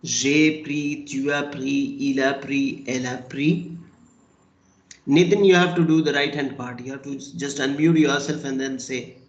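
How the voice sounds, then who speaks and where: A man teaching a French class over a video call, slow and patient, praising and prompting his students. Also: mid-range voice, lo-fi sound. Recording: echoey room.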